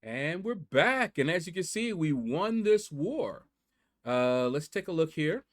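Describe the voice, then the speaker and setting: A man hosting his gaming channel, talking viewers through his matches in a chatty, excitable way. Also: a little high, a little slow. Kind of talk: mobile game commentary.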